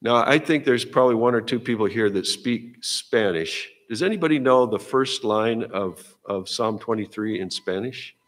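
A man's voice: mid-range voice, moderate pace, few pauses. Man preaching a folksy sermon in a reverberant church. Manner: conversational, folksy, repeats words as he goes. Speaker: pastor. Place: church sanctuary.

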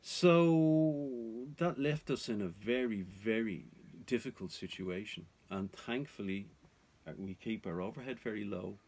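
A man's voice: lowish voice, measured pace, darkish tone, slight background noise. A man vlogging about off-grid life, talking to viewers in an earnest, cautionary way. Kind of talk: casual advice to viewers.

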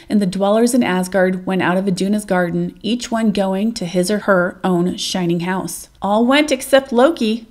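A woman reading an old myth aloud as a narrator, gentle and measured. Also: medium pitch. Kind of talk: storybook read-aloud narration.

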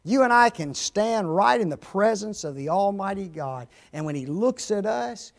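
A man preaching a sermon with emphasis, asking his listeners rhetorical questions and swinging between loud, rising stress and low, quiet drops. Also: lively intonation, moderate pace, vocal fry, few pauses.

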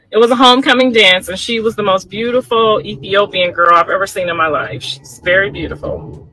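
A middle-aged woman casually telling a family story, chatty and animated, talking straight to her listeners. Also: mid-range voice, normal speed, soft background music, rough recording.

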